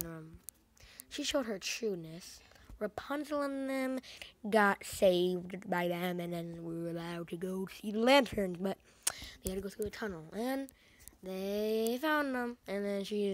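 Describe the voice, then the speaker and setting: A woman casually recapping a movie's plot, rambling with lots of fillers and sarcastic asides. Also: mid-range voice. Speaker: movie reviewer.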